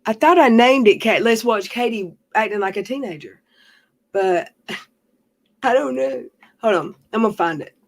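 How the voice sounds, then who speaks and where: A woman's voice: on the high side, lively intonation, measured pace, gravelly, pauses often. A woman hosting a casual livestream, chatting in a rambling way and laughing often. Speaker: livestream host.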